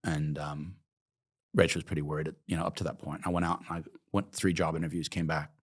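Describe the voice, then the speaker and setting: A man's voice: very deep voice, flat delivery, quick pace, husky. A middle-aged man from Oregon, an interview guest telling vivid anecdotes and acting out the dialogue, with casual swearing. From Oregon, USA. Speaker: interview guest, coffee entrepreneur. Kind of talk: conversational storytelling.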